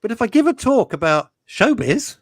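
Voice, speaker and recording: A man's voice: high-pitched, sing-song, moderate pace, no echo. A man hosting a radio talk show, speaking passionately and emotionally, rambling with many restarts. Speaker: host.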